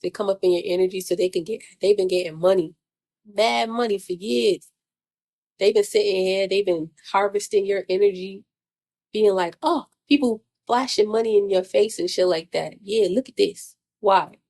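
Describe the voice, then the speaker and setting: A woman talks straight to the camera in a casual vlog. Her voice is gravelly and mid-pitched. She vents bluntly and swears freely, circling back to the same rhetorical questions. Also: moderate pace, a little mellow. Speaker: vlogger. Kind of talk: casual spiritual venting monologue.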